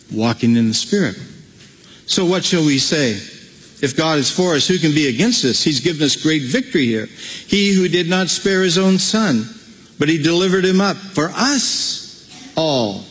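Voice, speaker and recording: A man preaching a sermon as pastor, animated, breaking into playful acted-out asides. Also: a little high, a little slow, big-room sound, low-quality recording.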